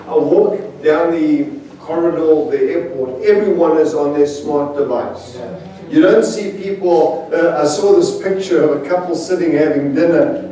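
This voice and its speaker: Chuckling preacher in a very echoey church. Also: male voice, fairly high pitch, mellow, slight background noise. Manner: chatty, self-mocking, chuckles between anecdotes. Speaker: guest preacher. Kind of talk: humorous sermon storytelling. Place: large church sanctuary. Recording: very echoey hall, voice from far off.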